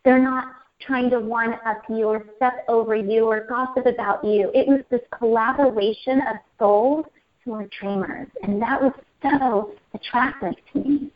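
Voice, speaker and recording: Woman guest, higher voice, animated storyteller who repeats herself, dull lo-fi sound. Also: moderate pace. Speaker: interview guest. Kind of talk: emotional personal storytelling. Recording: muffled lo-fi audio.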